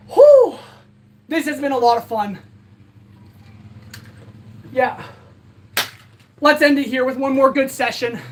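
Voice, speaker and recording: A high-pitched woman winds down a casual livestream, rambling and earnest as she thanks her viewers. She sounds tired and a little out of breath, and her bright voice stays light even as it sags with exhaustion. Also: a little hiss or hum. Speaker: livestream host. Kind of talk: casual livestream sign-off chat.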